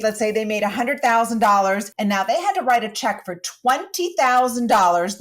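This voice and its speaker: Middle-aged woman podcast co-host, persuasive. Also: medium pitch. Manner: storytelling, persuasive, rhetorical questions. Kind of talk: conversational podcast talk.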